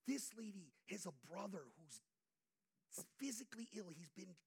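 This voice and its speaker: A man's voice: high voice, lively intonation, moderate pace, creaky, darkish tone, slightly rough, low-quality recording. A man preaching an informal sermon, conversational, asking the congregation questions and acting out quotes. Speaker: pastor.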